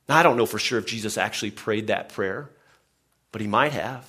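A man's voice: on the low side, brisk, bright, forceful tone, breathy edge. A man preaching a sermon to his congregation in an earnest way, often restarting and saying "I mean". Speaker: pastor.

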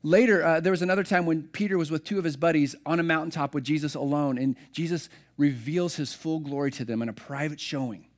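A man's voice: a little high, fairly even intonation, fast talker, few pauses. A middle-aged man preaching a sermon, telling personal stories in a conversational, self-deprecating way. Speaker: pastor.

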